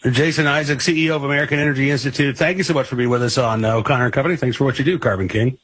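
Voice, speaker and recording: Husky male radio host. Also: mid-range voice, fairly even intonation, racing, a bit bright. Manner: casual, rambling questions with fillers. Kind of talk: radio interview.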